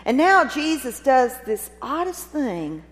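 A woman preaching a sermon, retelling a scene with expressive, dramatic storytelling and rhetorical questions. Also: high voice, takes it slowly. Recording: long reverb of a large hall.

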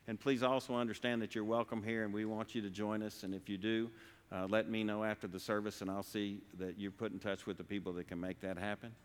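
A man giving an earnest devotional talk at a church service, halting and restarting as he speaks slowly. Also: on the low side, level tone, clean tone, big-room sound. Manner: earnest, halting, with frequent restarts and slow pauses. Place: church sanctuary.

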